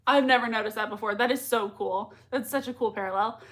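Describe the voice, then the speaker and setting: A young woman talks casually through a live watch party, her voice high and bright. She gushes over each comment, laughs easily, and fills her speech with loose fillers. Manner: gushing, quick to laugh, many fillers. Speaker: livestream reaction host.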